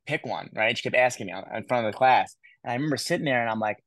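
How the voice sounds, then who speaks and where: A man in his thirties from the United States, a guest telling his life story in an interview, animated and quick to repeat words. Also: mid-range voice, no echo. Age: 30s. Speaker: guest speaker.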